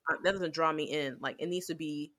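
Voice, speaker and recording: A woman with a bright, forceful tone and a somewhat low pitch, talking casually on a podcast. She rambles through lots of fillers and gets animated as she retells scenes. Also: a little fast. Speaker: podcast co-host. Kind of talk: casual anime review chat.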